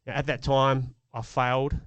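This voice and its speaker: A man's voice: mid-range voice, flat delivery, normal speed, a bit bright, smooth, no echo. A middle-aged man, a podcast co-host, telling a personal parenting story in an earnest, reflective way. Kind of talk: casual chat.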